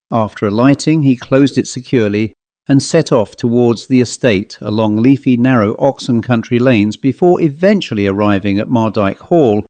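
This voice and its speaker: Mellow-voiced man reading a ghost story. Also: mid-range voice, dry recording. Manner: measured, formal storytelling. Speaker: narrator and author. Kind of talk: scripted ghost story narration.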